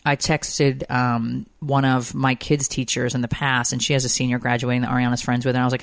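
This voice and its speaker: A woman's voice: very deep voice, fairly even intonation, brisk, few pauses, no echo. Woman host, dry close sound, chatty and emotional, rambles through her stories. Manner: emotional, rambling storytelling with fillers. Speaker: podcast host. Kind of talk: casual chat.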